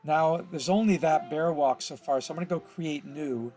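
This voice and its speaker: A man's voice: fairly high pitch, normal speed, darkish tone, faint music behind. A man explaining his steps in an easygoing, think-aloud tutorial, correcting himself as he goes. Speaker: animation tutor. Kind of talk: casual screen-recorded tutorial.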